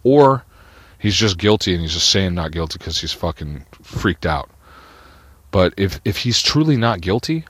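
Low husky man venting profanely. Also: fairly bright tone, dry recording. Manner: agitated, profane, paranoid venting. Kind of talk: rambling personal monologue.

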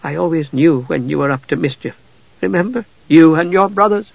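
A man voicing a grieving mother who speaks softly and brokenly, in a dull, dry recording. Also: a little high, brisk, gravelly, dry recording. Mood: tearful. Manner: soft, broken, tearful. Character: grieving mother, tender but crisp.

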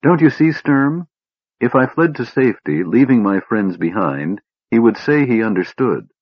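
A man voicing a young woman, speaking softly and earnestly to a friend. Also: mid-range voice, expressive, normal speed, slightly rough, no room sound, lo-fi sound, voice pushed up. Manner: soft, earnest pleading.

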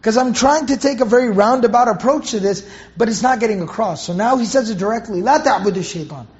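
High-voiced man teaching Quran commentary. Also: quick pace. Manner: explains word by word with rhetorical questions. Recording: dull lo-fi recording.

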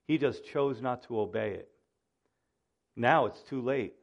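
A man preaching a Bible study sermon, emphatic and rising in intensity, then dropping low and quiet to drive points home. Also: measured pace, creaky, lo-fi sound. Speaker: pastor.

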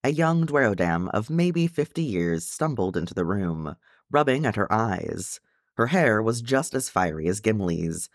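A man narrates a fan fiction audiobook in an expressive, low voice. His pitch moves widely, and the recording is close and dry with no room echo. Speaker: reader.

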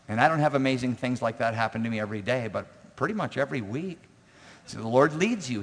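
Male pastor preaching, gravelly voice, big echoey church hall. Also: mid-range voice, a bit bright. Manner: emphatic preaching with repetition and anecdotes. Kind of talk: sermon. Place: church sanctuary. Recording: long reverb of a large hall.

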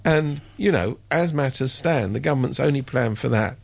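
A man chatting on a radio show, wry and sardonic, mimicking people in sudden high voices. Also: moderate pace, vocal fry, dry recording. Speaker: radio commentator. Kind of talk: casual radio chat.

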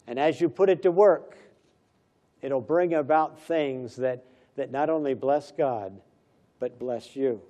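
Mellow-voiced man preaching a sermon. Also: medium pitch, slow. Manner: conversational, acts out little dialogues. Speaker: pastor.

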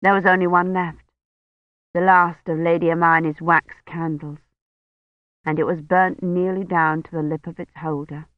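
A narrator reading an audiobook in a measured, unhurried storytelling manner. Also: mid-range voice, little pitch movement, no echo, highs cut off.

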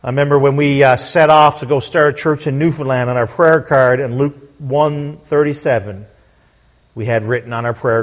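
A middle-aged man preaching a sermon, repeating his words and swelling to loud, emphatic declarations. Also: medium pitch, fairly even intonation, normal speed. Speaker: pastor.

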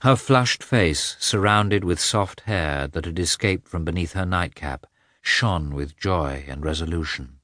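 Male audiobook narrator, low and dry, measured expressive reading. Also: no echo. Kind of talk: scripted novel narration.

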